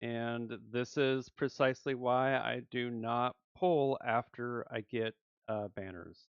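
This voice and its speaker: A man hosting a gaming channel, commentating his summon pulls with animated swings between hype and letdown. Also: medium pitch, slow pace, clear, resonant tone, no echo, dull audio. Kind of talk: excited gacha pull commentary.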